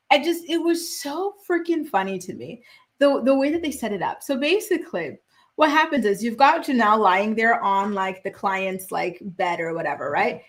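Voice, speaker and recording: A young woman hosting a pop culture gossip show, chatting casually and reading viewer comments with sassy, animated reactions. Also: a little high. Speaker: host.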